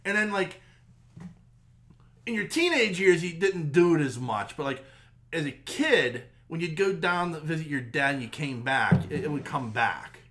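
A man's voice: fairly high pitch, normal speed. A man co-hosting a podcast, chatting casually and teasing his friend, often acting out quotes. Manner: animated, teasing, acts out quotes. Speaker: podcast co-host. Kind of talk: casual chat.

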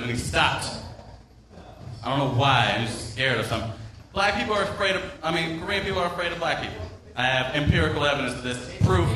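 A man doing a rambling, profane stand-up set, teasing the crowd on a club stage. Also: on the high side. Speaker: stand-up comedian. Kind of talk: open-mic stand-up set. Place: comedy club stage with live audience. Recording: echoey room, voice a bit far from mic.

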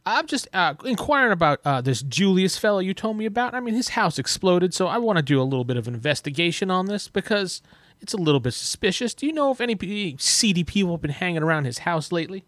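Uomo che fa un conte nobile curioso. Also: male voice, high voice, big pitch swings, quick pace, hardly any pauses, fairly bright tone, no echo, pitched above the performer's own voice. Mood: inquisitive. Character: genteel male noble count, chatty and curious.

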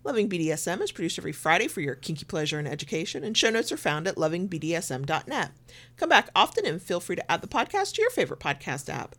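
A woman with a Southern American accent co-hosts a podcast from a home recording room, her voice on the low side, sing-song and fairly bright at a quick pace. The chat is casual, rambling through asides with frequent laughter.

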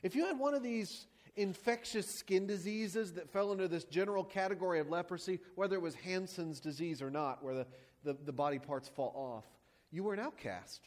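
A man's voice: high voice, a little fast. A man preaching a sermon as a pastor, praying and then teaching with rhetorical questions and emphatic repetition.

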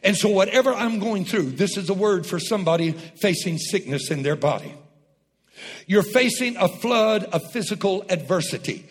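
A man preaching a sermon, calling on the congregation to repeat after him and rising to shouts. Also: sits high, lively intonation, moderate pace, big-room sound. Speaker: pastor.

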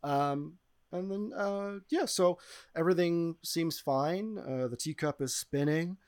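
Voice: medium pitch, slow pace, darkish tone, clean tone, no room sound. A game master narrating an improvised tabletop game in a rambling, playful way, with lots of fillers.

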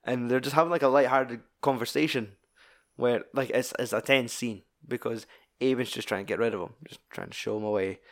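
A man's voice: medium pitch, steady tone, a little fast. A Scottish man in casual film-discussion chat, swearing freely as he retells scenes with animation.

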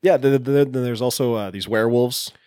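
A man's voice: medium pitch, a little fast, mellow, no room sound. A man with an ordinary mid-range voice talks about a film in easygoing podcast chat. He retells scenes and slips into the characters' lines as he goes. The sound is dry and close. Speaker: podcast co-host.

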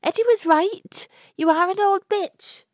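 A woman voicing a frightened but defiant young woman, shrill and scornful. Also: unhurried, dry recording, studio quality.

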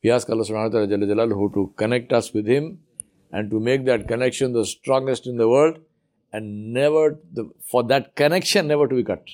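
Guy giving a sermon, telling a story, repeats stuff for emphasis, average pitch. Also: quick pace, a little mellow. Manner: emphatic, repeats words for effect. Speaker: preacher.

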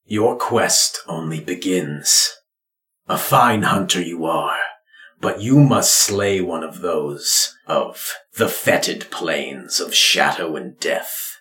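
A man voicing a grave, proud lizardfolk clan father who speaks in slow, weighty pronouncements. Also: low voice, expressive, pushed and bright, voice pushed down, heavily acted. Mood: solemn. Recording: roomy echo.

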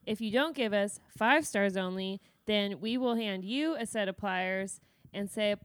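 A woman's voice: mid-range voice, measured pace, no room sound, studio quality. A woman co-hosting a casual podcast, playful and laughing mid-sentence. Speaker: podcast co-host.

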